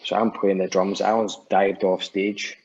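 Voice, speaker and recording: A man's voice: low-pitched, little pitch movement, measured pace, a little mellow, a little hiss or hum. A Scottish man, a musician guest, telling stories in casual chat, swearing freely and restarting often. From Scotland. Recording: dull lo-fi podcast audio.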